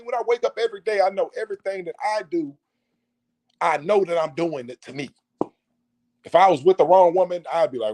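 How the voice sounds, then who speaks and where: A man's voice: a little high, animated, normal speed, pauses often, a little mellow. A man delivering a preachy monologue, full of rhetorical questions and repetition. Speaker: vlogger.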